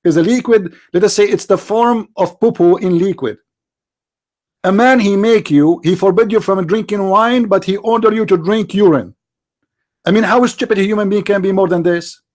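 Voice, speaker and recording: A man's voice: high voice, normal speed, a little mellow. A man hosting a live call-in show, talking bluntly and mockingly in broken grammar. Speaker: host of a live call-in challenge. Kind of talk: unscripted live talk.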